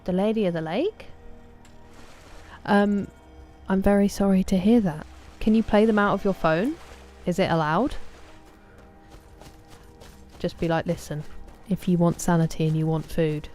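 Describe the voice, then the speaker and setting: A woman streams a game and chats easily with her viewers, greeting each one by name between quiet asides. Her voice sits a little low and sounds mellow and warm. Faint music plays underneath. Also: fairly even intonation, measured pace, pauses often. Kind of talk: casual chat with live viewers while gaming.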